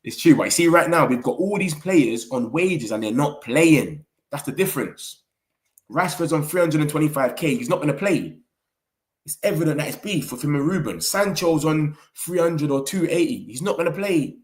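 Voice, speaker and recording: A young man with a British English accent in a casual, animated chat as a football vlogger, full of slang and quick asides. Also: a little high.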